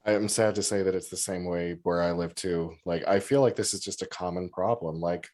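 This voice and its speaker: A man's voice: low-pitched, fairly even intonation, a little fast, a little mellow. A man co-hosting a podcast, talking in a rambling, self-deprecating way and laughing easily. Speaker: podcast co-host. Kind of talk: casual podcast chat.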